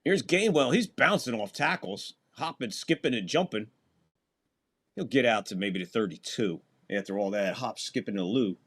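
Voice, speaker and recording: A man's voice: on the low side, animated, normal speed, a bit bright, husky. A man hosting a live fan stream, calling the plays of a football game and chatting casually with viewers between snaps. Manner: casual, chatty, talks to chat between plays, voice jumps up on big plays. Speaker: host and play-by-play caller. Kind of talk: live fan play-by-play commentary.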